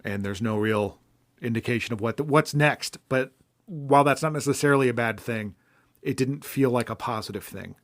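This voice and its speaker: A man's voice: mid-range voice, moderate pace. A man co-hosting a podcast, chatting casually about a film and thinking aloud as he critiques it. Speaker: podcast co-host. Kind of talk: casual film-review chat.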